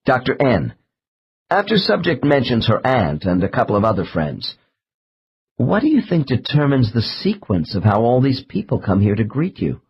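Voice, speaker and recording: A man narrating an audiobook in a measured, slow reading of case transcripts. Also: on the low side, big pitch swings, husky, highs cut off. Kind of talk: scripted narration.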